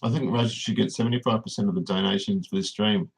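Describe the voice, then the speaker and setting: A man's voice: fairly low pitch, big pitch swings, fast, creaky, poor audio. An Australian man hosting a casual livestream, rambling and reading viewers' comments aloud as he answers them. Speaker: livestream host.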